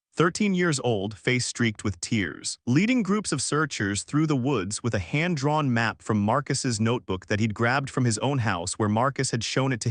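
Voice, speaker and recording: A man narrating a scripted story in a somber, measured way. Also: medium pitch, a bit bright, no echo, clean studio sound.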